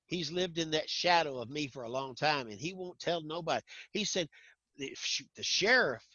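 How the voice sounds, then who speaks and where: Middle-aged man, animated raconteur with a bright, lively voice; dull dry recording. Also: on the high side, moderate pace, dry recording. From Arkansas. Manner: animated, acts out voices in anecdotes. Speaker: guest storyteller. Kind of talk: casual storytelling chat. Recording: dull lo-fi sound.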